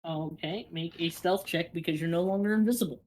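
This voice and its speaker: A woman narrating as game master of a tabletop game, chatty and a little halting. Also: lowish voice, darkish tone, a little hiss or hum.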